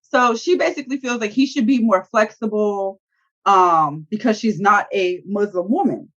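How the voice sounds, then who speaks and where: A woman's voice: mid-range voice, normal speed, a bit bright, highs cut off. A woman co-hosting a casual reality-TV recap show, retelling scenes with profanity and acted-out quotes. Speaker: co-host.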